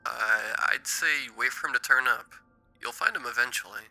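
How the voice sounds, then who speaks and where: A man voicing a gruff, dismissive middle-aged boss who talks in an impatient Southern US drawl. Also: mid-range voice, moderate pace, sharp tone, faint music behind, rough recording. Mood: offhand.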